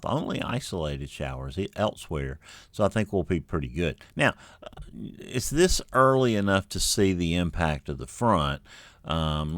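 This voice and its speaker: A middle-aged man giving an unscripted weather briefing in a relaxed, folksy way with many fillers. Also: sits low, dry recording, clean studio sound. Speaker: TV meteorologist.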